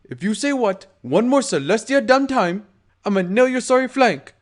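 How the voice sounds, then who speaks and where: A man's voice: very high voice, sing-song, normal speed, voice pushed up. Man voicing a crude pony gangster. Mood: furious. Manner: taunting, swaggering, profane. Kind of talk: fan audiobook character voice.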